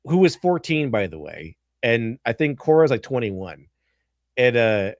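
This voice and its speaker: A man hosting a live stream who rambles through his commentary, restarting sentences and laughing along the way. His delivery is animated and casual. The recording is dry and close. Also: medium pitch, measured pace, no echo. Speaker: stream host.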